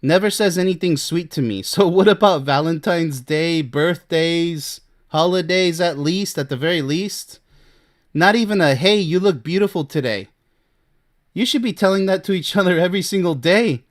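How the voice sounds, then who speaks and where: A relationship coach with a slightly raised pitch for a man talks through a reader's letter. He is emphatic and keeps asking rhetorical questions. Now and then he gives a disbelieving laugh. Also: moderate pace. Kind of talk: advice commentary on a reader's letter.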